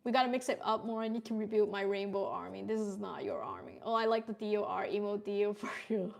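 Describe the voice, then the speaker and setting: A woman's voice: mid-range voice, fairly even intonation, fast, vocal fry. A young woman streaming from home, chatting casually with viewers as she draws, often laughing and swearing. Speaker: artist streamer. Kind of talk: casual live-stream chat while drawing.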